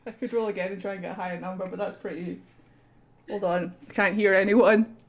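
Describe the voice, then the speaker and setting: A woman playing a tabletop game, excitable and casually swearing as she describes her moves. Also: mid-range voice, a little fast. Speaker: player.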